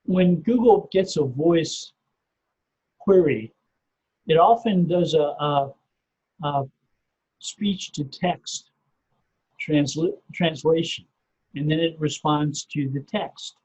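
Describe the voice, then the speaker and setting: A middle-aged man, a podcast guest, explaining things step by step in a measured way and often repeating his first word. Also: fairly high pitch, darkish tone, breathy edge. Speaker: podcast guest, SEO researcher. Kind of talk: casual explanatory interview talk. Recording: muffled lo-fi podcast audio.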